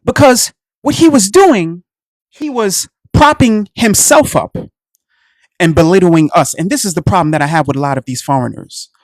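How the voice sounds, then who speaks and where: Impassioned host with lively, swinging pitch. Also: moderate pace, no echo, studio quality. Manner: impassioned, preachy, addresses listeners as family; repeats phrases for emphasis, asks rhetorical questions. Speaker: radio show host. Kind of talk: solo commentary monologue.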